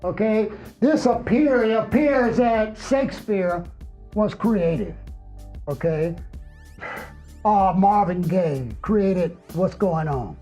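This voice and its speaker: Hoarse man leading a spiritual discussion. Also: high voice, expressive, takes it slowly, warm tone, soft background music. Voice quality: hoarse, strained. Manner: emphatic, keeps asking "okay?". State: losing his voice. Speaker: host and teacher.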